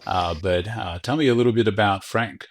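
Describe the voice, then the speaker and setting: A man's voice: lowish voice, a little fast. A man hosting a podcast, friendly and jokey, laughing often as he chats with his guest. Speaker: podcast host. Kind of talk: casual conversational interview.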